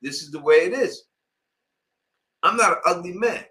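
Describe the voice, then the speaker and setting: A man's voice: high voice, animated, normal speed, pushed and bright, poor audio. A man with a New York accent hosting a casual live-stream Q&A, talking emphatically and insistently. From Queens, New York. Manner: emphatic, insistent, repeats "you know what I mean". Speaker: YouTube channel host.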